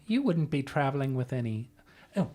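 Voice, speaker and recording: A man's voice: mid-range voice, big pitch swings, normal speed, mellow, voice pushed up, natural voice. A man putting on a prim suspicious farm woman. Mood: falsely polite. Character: suspicious farmstead woman baking bitter bread.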